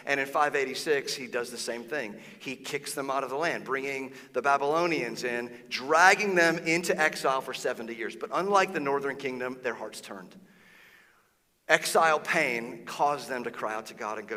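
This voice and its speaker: Bright-voiced pastor preaching in a hall. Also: male voice, mid-range voice, normal speed. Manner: lively storytelling with casual slang and quoted voices. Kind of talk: sermon.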